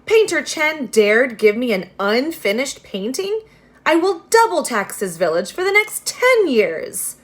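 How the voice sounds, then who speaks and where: A woman voicing a greedy, pompous male magistrate, loud and indignant in a read-aloud storybook. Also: high-pitched, sing-song, a little slow, pitched above the performer's own voice. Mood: outraged.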